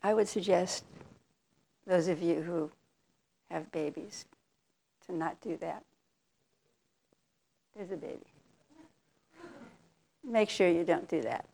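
An older woman giving a reflective talk as a meditation teacher, telling a personal story candidly and with soft laughs. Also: fairly low pitch, slow, gravelly, long pauses.

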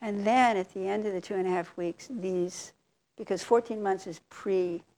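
An older woman giving a reflective talk as a meditation teacher, telling a personal story candidly and with soft laughs. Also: medium pitch, fairly even intonation, moderate pace.

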